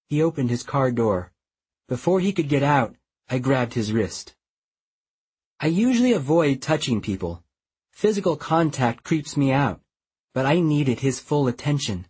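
Husky male audiobook narrator. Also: medium pitch, expressive, unhurried, a little mellow. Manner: wry, conversational storytelling. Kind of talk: first-person novel narration.

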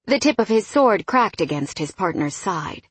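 A woman narrating an audiobook in a calm, intimate manner on a close studio mic. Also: medium pitch, moderate pace, slightly rough, no echo. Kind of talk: scripted narration.

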